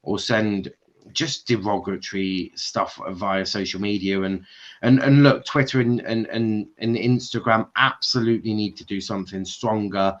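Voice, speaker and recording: A measured man hosting a football chat, handing the floor to his guests. His voice sits low. The call audio sounds a little dull. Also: fairly even intonation.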